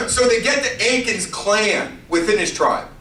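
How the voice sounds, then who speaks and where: A man giving a youth sermon, telling a story in an animated, playful way with character voices. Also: sits high, a little slow, roomy sound, far from the mic, a little hiss or hum, rough recording. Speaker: youth pastor.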